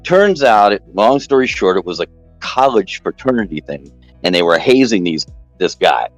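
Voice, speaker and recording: A man with a fairly low voice spins a rambling story in casual chat. He grows animated and jumps higher whenever he quotes someone. The sound is close and dry, with faint music playing behind him. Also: moderate pace, dry recording, low-quality recording.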